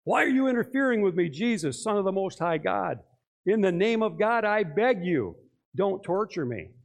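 A man's voice: a little slow, gravelly, husky, heavily acted. A pastor acting out a desperate male demon, crying out and pleading in a raised voice. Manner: shrill pleading outcry.

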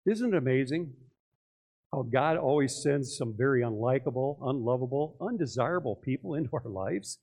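A man's voice: medium pitch, lively intonation, moderate pace, a little mellow. A male pastor preaching a sermon in church, talking conversationally and putting many questions to his listeners.

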